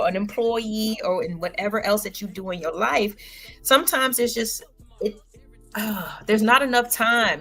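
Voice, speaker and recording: A woman hosting her own livestream, talking loosely and casually, heavy on slang and fillers. Her pitch sits in a middle range, and faint music plays underneath her. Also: a bit bright. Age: adult parent. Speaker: livestream host. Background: faint background music.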